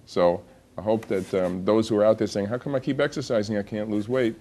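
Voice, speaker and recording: A man's voice: on the low side, fairly even intonation, a little fast, mellow. A man hosting a TV health show, talking casually and chatting to viewers. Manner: chatty, laughs through his own joke. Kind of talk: casual TV talk.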